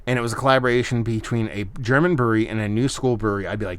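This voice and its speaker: A man talking through a beer review in a loose, casual way. He rambles, circles back, and leans heavily on fillers like "kind of" and "like." His pitch sits right in the ordinary middle for a man. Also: steady tone, fast talker, hardly any pauses, clean tone. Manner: rambling, hedging with lots of fillers.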